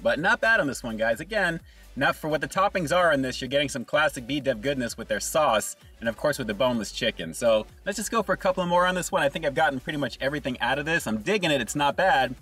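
Fast-talking man reviewing food on camera. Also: mid-range voice, expressive, fairly bright tone, breathy edge, faint music behind, rough recording. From Southern California. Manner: upbeat, chatty, addresses viewers as guys; talks between bites of food.

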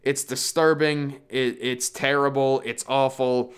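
A man's voice: medium pitch, flat delivery, unhurried, clean tone. A man giving casual ranked commentary on bad films, exasperated and rambling, with frequent restarts and mocking quoted asides. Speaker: movie reviewer.

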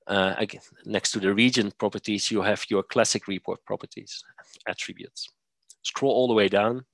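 A man presenting a software demo, walking through steps methodically with occasional fillers. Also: fairly low pitch, dry recording. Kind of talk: screen-share software demo.

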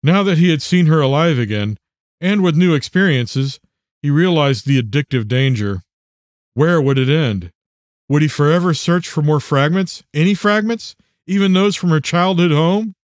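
Expressive male audiobook narrator. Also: fairly high pitch, moderate pace, no echo, clean studio sound. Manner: expressive, dramatic reading. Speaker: author and narrator.

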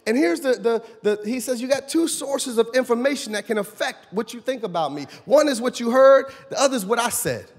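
Male pastor, high husky voice, preaching in a church with long reverb; loud shouted points, then hushed asides. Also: lively intonation, fairly quick, hardly any pauses. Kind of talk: sermon. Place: church sanctuary.

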